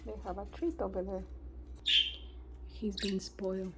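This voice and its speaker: A woman at home filming her pet birds, coaxing them in high sing-song baby talk. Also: fairly even intonation, moderate pace, very noisy. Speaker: pet bird owner filming her budgies. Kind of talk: casual vlog talking to pet birds. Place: home, indoors by bird cages. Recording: loud bird chirping behind.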